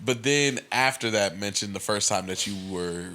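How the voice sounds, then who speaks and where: A man's voice: fairly low pitch, moderate pace, bright, forceful tone. A man co-hosting a podcast in casual chat, laid-back and asking the questions. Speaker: podcast co-host.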